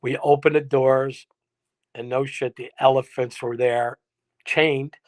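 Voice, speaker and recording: This musician guest joins the live stream remotely, his mid-range voice moving little in pitch as he takes his time. In a casual interview, he laughs through a meandering story peppered with salty language.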